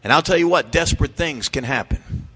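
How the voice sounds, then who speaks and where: Slightly rough and a bit bright, this middle-aged pastor's voice is a little high and a little fast. Preaching emphatically in a church sanctuary, he raises and drops his voice to press his points, with a large hall's long reverb behind him.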